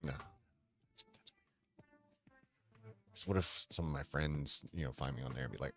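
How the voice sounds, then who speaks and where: A man hosting a casual livestream chat, rambling and hesitant, with many restarts, sighs and quiet mumbles. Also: a bass voice, normal speed, long pauses, soft background music. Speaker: livestream host.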